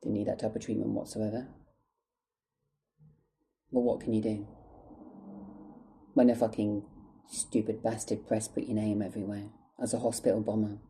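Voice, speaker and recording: A man's voice: lowish voice, little pitch movement, moderate pace, pauses often, warm tone, poor audio. A man telling a story to the camera in an angry, emotional way, swearing a lot and close to tears. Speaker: vlogger. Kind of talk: storytime vlog monologue.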